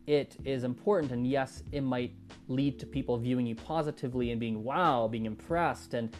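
A man's voice: mid-range voice, darkish tone. A man talking through his views on language learning in a loose, thinking-aloud monologue full of restarts and fillers. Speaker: language-learning content creator. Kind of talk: casual monologue.

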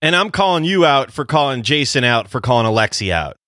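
A man's voice: medium pitch, very animated, fairly quick, a bit bright, no echo, studio quality. A man co-hosting a casual photography podcast, joking with wry asides. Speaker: podcast co-host.

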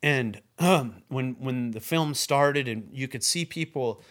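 A man recalling his work as a filmmaker in a casual, halting way, full of restarts, his voice dropping soft at emotional points. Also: medium pitch. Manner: halting and repetitive, many restarts and fillers; earnest, voice drops soft when moved. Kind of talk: casual spoken recollection.

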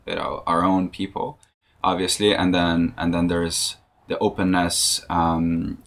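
A man interviewing a guest, speaking deliberately and hesitantly with many fillers. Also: low-pitched, a bit bright. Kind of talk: conversational interview.

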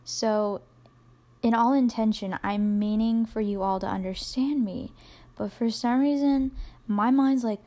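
A young woman talks alone into her podcast mic in a loose, rambling way. She keeps tripping over fillers and teasing herself as she goes. Her voice sits at an ordinary middle pitch. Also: steady tone, unhurried, dark tone. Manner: rambling, self-deprecating, lots of fillers. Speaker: podcast host. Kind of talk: casual solo podcast monologue.

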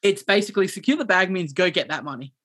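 A man, co-hosting a podcast and telling a story in a rambling, animated way with many restarts. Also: sits high, quick pace. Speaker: podcast co-host. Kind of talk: casual chat, storytelling.

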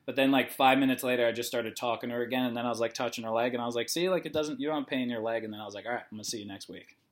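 A man's voice: medium pitch, steady tone, rapid-fire. A young man casually telling a long story, rambling with lots of "like" and acting out the dialogue. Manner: rambling, heavy use of "like", acts out dialogue.

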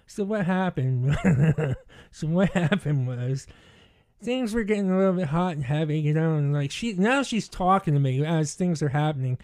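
A man telling a rowdy story in casual podcast chat, animated and often laughing through his own words. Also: on the high side, moderate pace.

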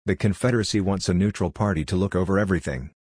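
A man's voice: low voice, very fast, darkish tone, breathy edge, no echo, studio quality. A man voicing a polite, businesslike male detective in an audiobook. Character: male detective, out of place, eager to finish quickly. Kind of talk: audiobook character voice.

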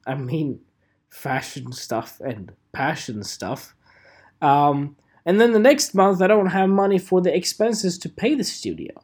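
A man's voice: medium pitch, a little mellow, breathy edge. A man in his twenties hosting a solo podcast, rambling in a joking, self-mocking way with fillers and swearing. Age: 20s. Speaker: podcast host.

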